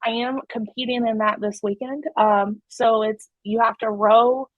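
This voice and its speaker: A woman's voice: a little high, steady tone, measured pace, no room sound. A woman presenting to an online audience, talking in a candid, heartfelt way with many restarts. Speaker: webinar presenter. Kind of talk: personal talk to an online audience. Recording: dry, muffled web call audio.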